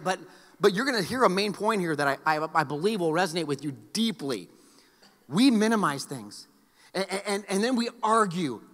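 A male pastor preaching a sermon, animated, with joking asides and repeated phrases. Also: high voice, long reverb tail. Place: church sanctuary.

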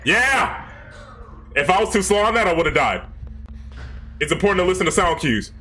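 A young man hosting a horror game playthrough, talking with excitable energy and shouting to hype up his viewers. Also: high-pitched, quick pace. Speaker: gaming channel host.

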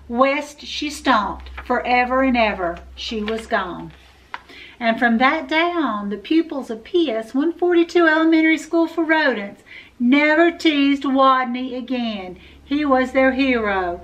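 A woman children's librarian reading a picture book aloud at storytime, expressive and playful, asking her young listeners questions. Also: a little high, slow pace.

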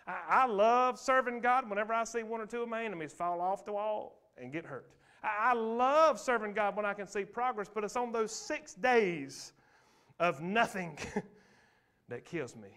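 A man preaches from the pulpit in a high, lifted voice. He swings between loud bursts and quiet asides, calling out to the congregation as he goes. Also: normal speed, smooth. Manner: animated preaching, calls out to the congregation. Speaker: pastor. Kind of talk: sermon. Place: church sanctuary.

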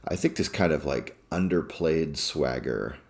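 A man from the American Midwest, co-hosting a podcast in casual chat, measured and thoughtful, with many fillers. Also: a bass voice, lively intonation. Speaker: podcast co-host.

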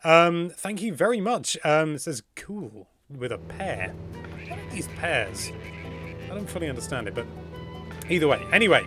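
Excitable British man, lively voice. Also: fairly high pitch, normal speed, faint music behind. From Britain. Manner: excitable, gushing, chatty. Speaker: livestream host. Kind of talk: live gameplay commentary.

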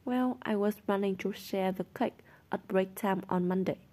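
A woman's voice: medium pitch, moderate pace, mellow, lightly acted. A woman reading the lines of a cheerful, shrewd schoolboy in an airy, matter-of-fact way. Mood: breezy.

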